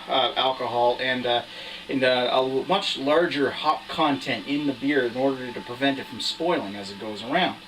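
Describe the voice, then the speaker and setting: A young man hosts his own beer review show in loose, chatty fashion, stumbling over fillers and restarts. His voice sits at an ordinary pitch and lands a little away from the camera mic. A faint hiss runs underneath. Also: a bit bright. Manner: rambling, with frequent fillers and restarts. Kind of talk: casual on-camera chat. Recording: voice somewhat distant from the mic, faint background hiss.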